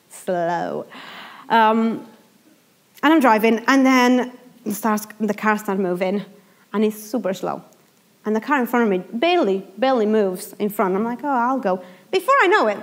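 Young female preacher, expressive storyteller, voice sits a bit high, sermon delivery. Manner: lively, animated storytelling.

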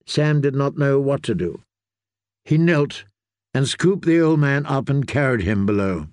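A man reading a fantasy audiobook in a measured, steady storytelling manner. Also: mid-range voice, no echo, clean studio sound. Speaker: audiobook reader.

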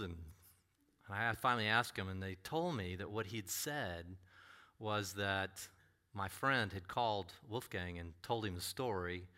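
A middle-aged man preaching, who tells a personal story with animated delivery and acts out other voices. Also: lowish voice, smooth. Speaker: pastor.

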